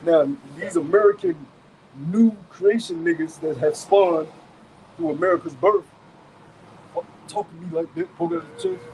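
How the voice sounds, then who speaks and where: A man's voice: a little high, big pitch swings, moderate pace, darkish tone, a little hiss or hum, rough recording. Emphatic profane man preaching outdoors. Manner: emphatic, profane, repetitive, rhetorical questions. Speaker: camp elder and teacher. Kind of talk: street preaching to a group.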